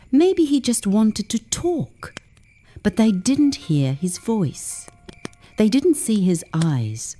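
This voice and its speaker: A woman narrating a first-person story for English learners in a slow, measured way, dropping to whispers at the tense moments. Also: lowish voice, mellow.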